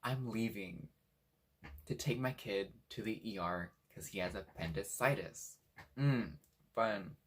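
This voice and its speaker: A young man from Washington State telling a story in a casual, animated way, swearing freely and acting out what people said. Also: lowish voice, a little slow, slightly rough. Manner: animated, swears a lot, acts out quotes. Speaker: vlogger.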